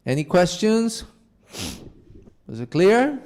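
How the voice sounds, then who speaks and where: A man teaching an online class, slowly explaining how to chant and singing short demonstration phrases. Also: high-pitched, very animated, darkish tone. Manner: patient, slow instruction with sung demonstrations of a chant. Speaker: music teacher.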